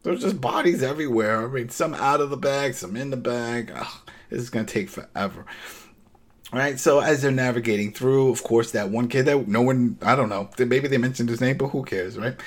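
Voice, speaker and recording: Husky-voiced man recapping animatedly. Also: mid-range voice, brisk. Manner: animated retelling, acts out quotes. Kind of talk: casual recap chat.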